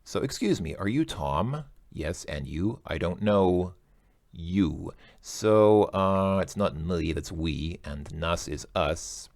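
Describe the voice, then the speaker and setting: Low gravelly man thinking aloud. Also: animated, slow, darkish tone, dry recording, studio quality. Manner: thinking aloud, hesitant, self-correcting. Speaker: language learner working through a test. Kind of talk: casual self-recorded lesson.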